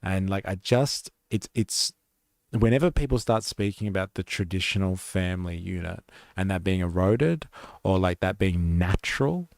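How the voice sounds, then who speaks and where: A man's voice: deep voice, expressive, moderate pace, vocal fry, no echo, clean studio sound. A man hosting a live stream, casually commenting on clips in a rambling way with lots of fillers.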